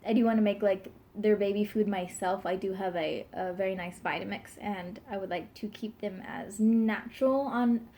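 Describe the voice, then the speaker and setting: A woman's voice: medium pitch, fairly even intonation, normal speed, hardly any pauses, warm tone. A young pregnant woman in her twenties chatting casually to camera, rambling with lots of fillers and giggles. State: pregnant, burping now and then. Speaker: vlogger.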